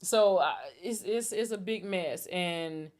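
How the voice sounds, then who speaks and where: A woman's voice: fairly low pitch, takes it slowly, darkish tone. A woman in her thirties, co-hosting a podcast in casual chat and acting out quotes in put-on voices. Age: 30s. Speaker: podcast co-host.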